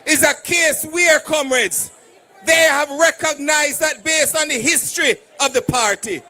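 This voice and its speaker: Fiery high-voiced Jamaican man shouting. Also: a little slow. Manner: shouting, fiery, call-and-response to the crowd. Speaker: political candidate and doctor at a party rally. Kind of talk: rally speech.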